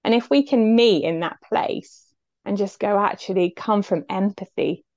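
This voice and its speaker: A woman's voice: medium pitch, moderate pace, darkish tone, no room sound, muffled recording. A woman, telling a personal story as an interview guest, heartfelt and reflective.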